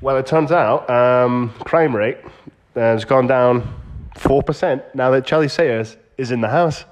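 A man's voice: mid-range voice, unhurried. A man hosting a comedy podcast, laughing and swearing as he links fake news segments. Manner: laughs a lot, loose and swearing. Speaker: podcast host.

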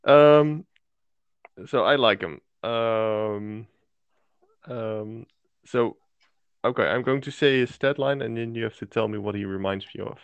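Low gravelly guy, easygoing game chat, kinda muffled dry recording. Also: measured pace, pauses often, no echo. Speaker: podcast co-host. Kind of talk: casual tabletop game discussion.

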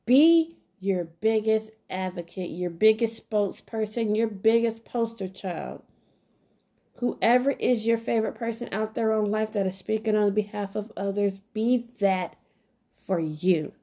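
Earnest woman giving a mellow motivational talk. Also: mid-range voice, a little slow. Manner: earnest, repetitive, preachy and encouraging. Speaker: podcast host. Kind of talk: motivational self-help talk.

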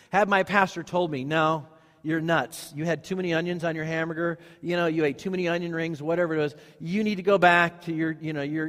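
A middle-aged male pastor with a fairly high voice, preaching in a chatty, stop-and-start manner. He acts out short back-and-forth exchanges with his listeners. His voice rings through a church sanctuary with a long, hall-like reverb. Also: a bit bright. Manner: conversational preaching with many restarts, acting out dialogues. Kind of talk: sermon.

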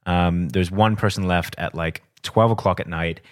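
A man's voice: low voice, moderate pace. A man co-hosting a casual movie review chat, telling stories with lots of fillers. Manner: animated storyteller, hedging with fillers. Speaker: podcast co-host. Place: former cinema worker.

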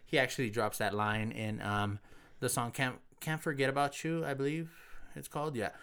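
A man's voice: mid-range voice, fairly even intonation, moderate pace, gravelly, a bit bright, clear, resonant tone. A man hosting a podcast in loose casual chat, laid-back, swearing freely and full of fillers. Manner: laid-back, heavy cursing, lots of fillers. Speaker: podcast host.

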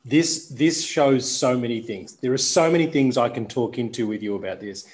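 A man hosting a podcast, talking deliberately and reflectively as a coach to his guest. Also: medium pitch, a little mellow.

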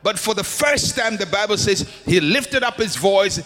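Impassioned high-voiced male preacher. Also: lively intonation, normal speed, sharp tone. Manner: impassioned, repetitive preaching cadence. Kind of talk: sermon. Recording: long hall reverb.

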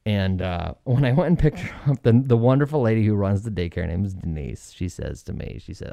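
A man's voice: on the low side, expressive, brisk, creaky, hardly any pauses, dark tone, no room sound. A man co-hosting a podcast in casual chat, a chatty storyteller who laughs easily and rambles. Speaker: podcast co-host.

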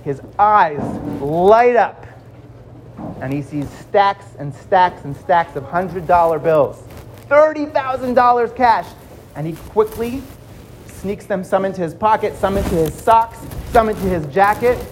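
A man telling a dramatic story to children, swinging between loud and hushed. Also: high-pitched, animated, measured pace, a little hiss or hum.

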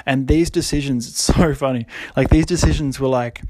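A man's voice: mid-range voice, normal speed, a little mellow, no echo. A young man hosting a podcast, talking casually with many fillers and frequent laughs. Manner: rambling, lots of fillers, laughs often. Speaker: podcast host.

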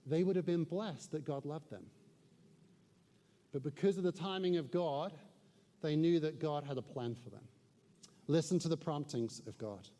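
A pastor preaching to a congregation, a man with a slightly higher voice. He tells stories and sinks to a hush at tense moments. The sound rings with a long reverb from the church hall. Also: moderate pace, pauses often. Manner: storytelling, dropping to a hushed voice in tense moments. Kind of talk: sermon.

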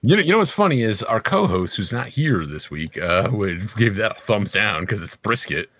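A man's voice: on the low side, very animated, normal speed, a bit bright. A man co-hosting a casual food chat, joking, swearing and laughing often. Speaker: podcast co-host.

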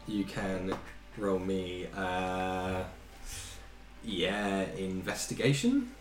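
A man's voice: deep voice, animated, very slow. A man narrating as game master of a tabletop game, loose and jokey. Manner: loose and jokey, laughs often. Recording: echoey room with faint music.

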